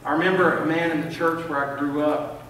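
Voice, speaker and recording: A man's voice: a little high, steady tone, a little fast, fairly bright tone, slight background noise. An older man preaching a sermon in a church, telling stories and often repeating words as he builds a point. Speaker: pastor. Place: church sanctuary. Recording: echoey church from far off.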